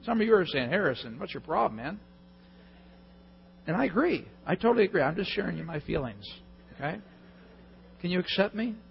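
Animated man preaching in a hall. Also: high-pitched, quick pace, vocal fry, slight background noise. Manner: animated storytelling, self-mocking humor. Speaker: pastor. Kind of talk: sermon. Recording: dull lo-fi recording in a hall.

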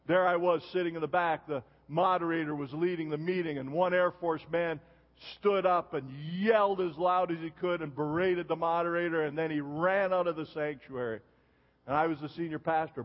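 A man in his seventies preaching a sermon as pastor, telling stories and punctuating them with a questioning "huh?". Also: on the high side. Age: 70s. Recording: dull long reverb of a church hall.

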